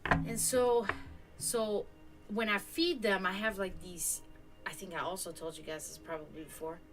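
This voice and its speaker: A woman hosting a home livestream, chatting casually and rambling, who laughs often, swears, and slips into high sing-song baby talk with her cats. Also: steady tone, measured pace, music in the background, low-quality recording. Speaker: esoteric stream host. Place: home, indoors.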